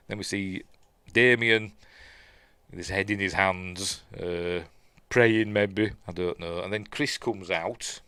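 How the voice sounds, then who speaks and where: The host of his own show, a man from Yorkshire, England, gives a casual, rambling watch-along commentary on a film, full of fillers and restarts. His voice is low, smooth and fairly bright, with no echo.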